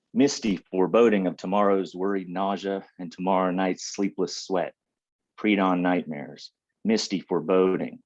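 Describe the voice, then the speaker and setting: A man with a very low voice reads his own poems aloud in a dry, unhurried way. He is on a video call, and the audio is dull and lo-fi. The room sound is close and dry, with no echo. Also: a little mellow. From Ohio. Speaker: poet reading. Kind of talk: poetry reading.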